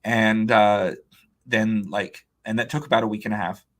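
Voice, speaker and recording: Here a man with a lowish voice and moderate pace, an author-illustrator guesting on an interview podcast, casually works through a long anecdote. He brings it to life by performing other people's lines, and "um" and "like" come up often.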